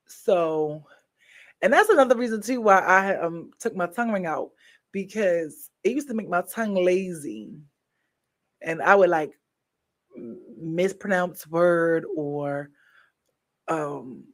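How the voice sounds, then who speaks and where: A woman hosts a casual live stream chat with her viewers. She talks playfully and laughs often. Her voice swings between loud and soft. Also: lowish voice.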